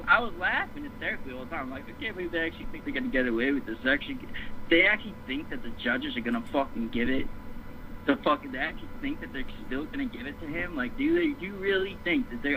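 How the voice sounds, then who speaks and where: A fired-up man on a talk show, cursing freely and circling back over the same points. His voice sits high for a man and comes through a dull, lo-fi stream with a faint hiss behind it. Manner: fired up, profane, repeats himself. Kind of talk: heated boxing rant.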